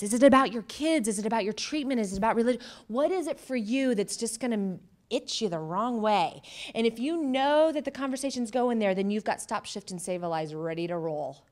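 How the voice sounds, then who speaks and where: A woman psychotherapist giving a workshop presentation, talking conversationally, asking the audience questions and acting out quoted remarks with lively jumps in voice. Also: fairly high pitch, brisk. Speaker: cancer psychotherapist.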